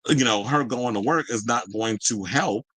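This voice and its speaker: A man's voice: medium pitch, moderate pace, a bit bright, slightly rough, no room sound. A man hosting a casual livestream who chats to his viewers, reads a news article aloud and comments on it in a chatty, easily irritated way. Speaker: livestream host.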